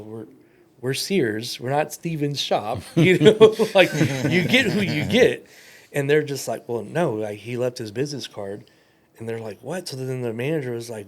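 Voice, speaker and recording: A man chatting as a podcast guest and brand coach, telling stories, acting out quoted dialogue and laughing often. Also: medium pitch. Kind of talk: casual chat.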